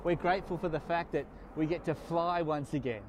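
A man's voice: fairly high pitch, fairly quick, background noise. Earnest man preaching. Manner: earnest, emphatic preaching with rising stresses. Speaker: pastor. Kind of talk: sermon.

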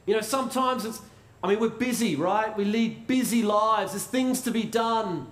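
A man preaching a sermon in a conversational way, asking rhetorical questions and pausing for effect. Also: sits high, a bit bright. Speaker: pastor. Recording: roomy echo.

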